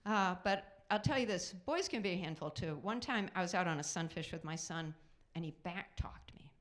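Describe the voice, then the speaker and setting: A middle-aged woman doing a stand-up comedy set on a theater stage, chatty and self-mocking, with quick asides to the audience. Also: on the low side, lively intonation.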